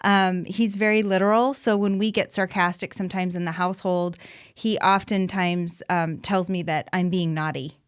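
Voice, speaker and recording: A woman's voice: fairly low pitch, steady tone, moderate pace, smooth, dry recording, studio quality. A woman in her thirties hosting a podcast, talking candidly and chattily with frequent ums and restarts about life with her son. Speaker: podcast host, mother of an autistic son. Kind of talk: casual solo podcast talk.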